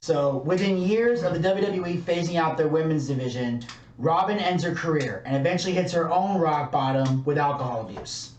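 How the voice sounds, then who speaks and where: A man's voice: on the high side, moderate pace, a little mellow, dull audio, a little hiss or hum. A man co-hosting a podcast, telling a story casually with lots of fillers and swearing. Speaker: podcast co-host. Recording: echoey room, distant mic.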